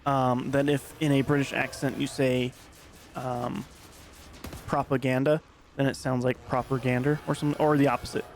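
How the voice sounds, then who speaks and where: A man's voice: mid-range voice, level tone, fairly quick, hardly any pauses, faint music behind. A man in casual gaming chat, laid-back and laughing easily while giving backseat directions to the player. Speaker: co-commentator on a game playthrough.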